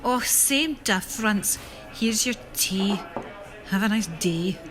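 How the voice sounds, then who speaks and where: A man voicing an indifferent café worker, a woman with a flat, dismissive drawl. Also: sits high, takes it slowly, music in the background, voice pushed up.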